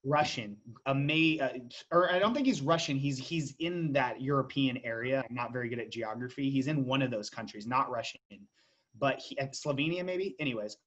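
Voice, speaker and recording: A man's voice: mid-range voice, fairly quick, fairly bright tone, lo-fi sound. A man in a casual podcast chat about fight bets, talking loosely with frequent restarts and tangents. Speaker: podcast co-host. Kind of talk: casual sports betting chat.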